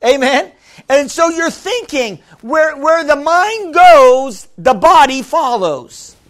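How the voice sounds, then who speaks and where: Very high-voiced man preaching a sermon. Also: slow pace. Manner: lively and humorous, often asking the congregation "Amen?"; laughs often, restarts phrases.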